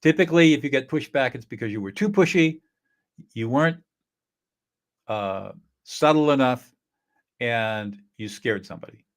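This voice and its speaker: A man's voice: medium pitch, lively intonation, moderate pace, pauses often. A middle-aged man teaches in an earnest, coaching way and acts out short example dialogues. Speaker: conflict-resolution teacher. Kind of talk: instructional talk.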